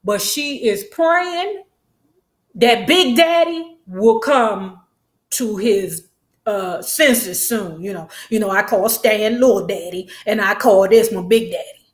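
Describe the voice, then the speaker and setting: A woman giving a sassy, slangy, animated recap of a TV episode. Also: mid-range voice, takes it slowly. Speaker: show recap host. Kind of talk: casual recap commentary. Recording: echoey room.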